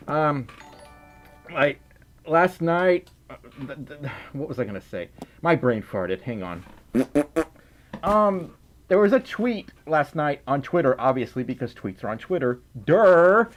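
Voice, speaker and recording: A tired, giggly livestream host from Mississippi chats in a Southern accent and reads out donations, often trailing off and restarting in a silly way. His voice is on the high side and very animated but a little slow with frequent pauses, and the recording sounds muffled.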